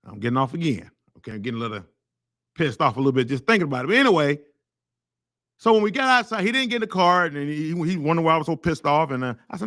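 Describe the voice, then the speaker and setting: A man's voice: a little high, quick pace, fairly bright tone, dry recording, studio quality. A man who leads a teachers' association, telling a story in a rambling, blunt, heated way and repeating words as he goes. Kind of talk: casual storytelling monologue.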